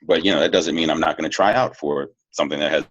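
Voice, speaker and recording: A man's voice: very deep voice, fast talker, fairly bright tone, no echo, dull audio. A man who works as a voiceover actor, talking candidly and easygoing as an interview guest, laughing now and then. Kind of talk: casual interview talk.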